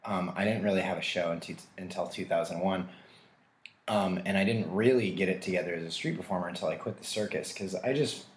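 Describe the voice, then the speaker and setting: Deep-voiced male comedian guest, loose rambling storyteller, roomy sound. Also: brisk. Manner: rambling, self-mocking, laughs often. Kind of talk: casual storytelling interview. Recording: roomy echo.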